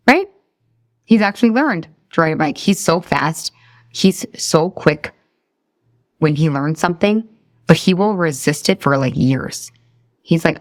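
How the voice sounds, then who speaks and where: Speaking at a moderate pace with an expressive, medium-pitched voice and no room sound, a thirtysomething woman runs a live weight-loss coaching session. She peppers the group with questions, stays upbeat and talkative, and chuckles at herself whenever she wanders off topic.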